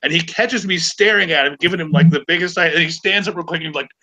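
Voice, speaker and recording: A man's voice: fairly high pitch, fast, pushed and bright, low-quality recording. A man in his forties, hosting a podcast, telling stories with sarcasm and plenty of stammered restarts. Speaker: podcast host. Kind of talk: casual chat.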